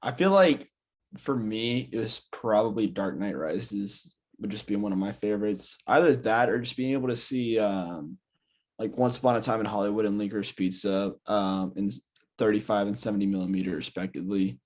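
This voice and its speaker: A man in his twenties talks through his thoughts on a podcast, hesitant and reflective, with lots of fillers. His voice sits on the low side for a man. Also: moderate pace, darkish tone. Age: 20s. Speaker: podcast co-host. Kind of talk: casual chat.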